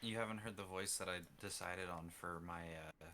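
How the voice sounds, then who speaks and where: Very deep, bright-toned calm man. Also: fairly quick, a little hiss or hum. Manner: calm, soft-spoken, a bit hesitant. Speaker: player. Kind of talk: casual chat.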